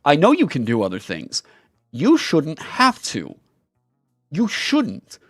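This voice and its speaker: A man ranting on his own channel, heated and swearing freely as he hammers each point home. His voice sits a little high and swings widely in pitch. The sound is close and dry, with no room echo. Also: huge pitch swings, slow pace, faint music behind. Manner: heated, profane, emphatic. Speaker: YouTuber and streamer. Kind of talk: angry commentary rant.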